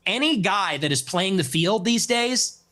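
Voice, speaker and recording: A man's voice: sits high, animated, unhurried, sharp tone. A man in his twenties, a guest in a heated debate, answering with combative, dismissive retorts. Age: 20s. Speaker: interview guest.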